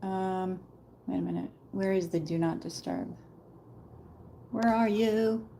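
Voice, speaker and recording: A woman's voice: mid-range voice, steady tone, slow, vocal fry, warm tone, a little hiss or hum. A woman giving a casual live tarot reading, chatting directly to viewers and calling them Queen. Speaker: tarot reader.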